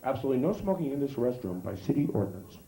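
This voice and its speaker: A man doing a profane stand-up routine on a club stage, swinging from high yelps to low mutters. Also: big pitch swings, rapid-fire, warm tone, slight background noise. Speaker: stand-up comedian. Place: comedy club stage before live audience. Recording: echoey club with crowd laughter. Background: audience laughter.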